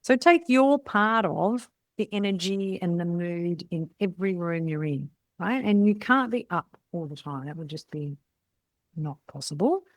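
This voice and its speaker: A woman's voice: lowish voice, animated, a little slow, dry recording. Blunt chatty woman mentor. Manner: chatty, blunt, tags sentences with "right?". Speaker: salon business mentor. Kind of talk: casual coaching talk.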